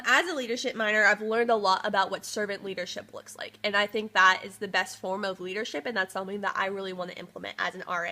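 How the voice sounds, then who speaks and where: A young woman speaks to camera with a bright, clear voice and an upbeat manner. Her pitch sits in an ordinary middle range. She is earnest and a bit rambly, dropping "um" and "like" as she explains herself. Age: young adult. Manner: earnest and upbeat, with frequent fillers. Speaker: student applying to be a resident assistant. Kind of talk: casual talk to camera in an application video.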